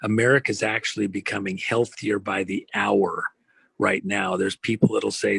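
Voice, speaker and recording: A man's voice: fairly low pitch, flat delivery, normal speed, creaky, a bit bright, slightly rough, dry recording. A man giving an impassioned interview, speaking emphatically with rhetorical questions and a preachy tone. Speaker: interview guest.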